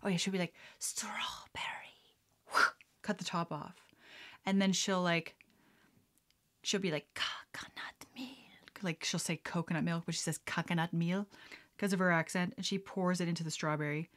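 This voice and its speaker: A woman's voice: on the low side, steady tone, fast talker. A young woman hosting a casual podcast at home, chatty and rambling, often breaking into giggles as she talks. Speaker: podcast host. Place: at home, mixing a drink on camera.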